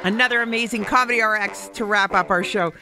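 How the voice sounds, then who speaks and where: A woman's voice: mid-range voice, steady tone, fast, music in the background. A woman hosting a radio comedy show, telling stories in a chatty, casual way. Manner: chatty storyteller.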